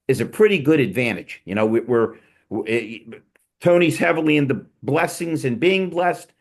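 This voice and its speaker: A man's voice: mid-range voice, expressive, moderate pace. A man hosting a casual panel chat, teasing his guests and telling digressive, joking stories. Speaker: host.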